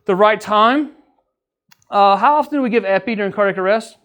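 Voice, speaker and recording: A man's voice: sits high, brisk, fairly bright tone, smooth, dull audio. A man who works as an EMS training officer gives a casual training lecture to his crew. He talks in a conversational way, joking with them and often checking in with "right?". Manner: jokes with the crew.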